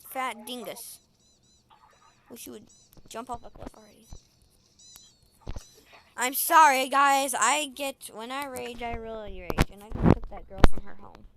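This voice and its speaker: A woman giving casual game commentary, excitable, shrieking and giggling as she plays. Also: a little high, a little slow. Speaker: gamer. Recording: loud background noise.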